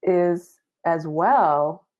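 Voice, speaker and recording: A woman's voice: lowish voice, extremely slow. A woman guest on a spiritual talk show, speaking in an earnest, reflective way. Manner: earnest, reflective, laughs lightly. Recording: dull lo-fi audio.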